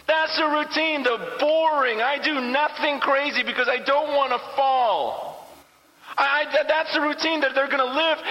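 An animated male preacher with a high, bright voice, acting out the voices of everyday believers. He is heard in a hall with a long reverb. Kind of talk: sermon.

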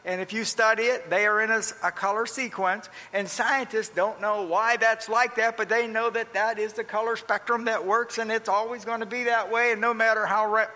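Older male pastor, folksy storyteller, bright voice in a reverberant church. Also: high voice, normal speed, few pauses. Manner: folksy, animated storytelling with repeated phrases. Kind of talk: storytelling sermon. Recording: long reverb.

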